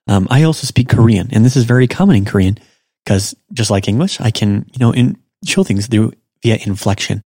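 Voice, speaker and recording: Male podcast teacher, lowish voice, dry close sound, relaxed explainer. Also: fairly quick, slightly rough, dry recording. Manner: relaxed, explanatory, talks through examples. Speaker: language teacher and podcast host. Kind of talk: casual podcast lesson.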